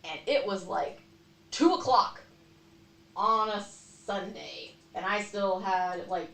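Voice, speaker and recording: A woman's voice: medium pitch, lively intonation, slow pace, vocal fry, fairly bright tone. Chatty woman in an echoey room. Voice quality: chatty, many fillers and self-corrections. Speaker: webcomic artist streaming. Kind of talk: casual storytelling on a livestream. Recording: echoey room, voice a bit far from mic.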